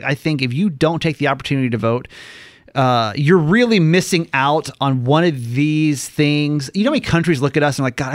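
A man in his late thirties co-hosting a podcast in casual, swearing, animated chat. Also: medium pitch, no room sound, studio quality. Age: 30s. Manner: animated, swearing, laughs often. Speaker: podcast co-host.

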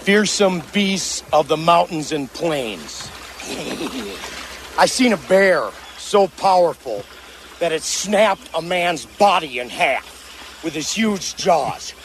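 An actor playing a boastful frontier trapper who tells wild animal stories in a comedy film clip. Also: male voice, fairly high pitch, big pitch swings, takes it slowly, a little hiss or hum. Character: blustering male frontier trapper spinning gory animal tales. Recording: film clip with music behind.

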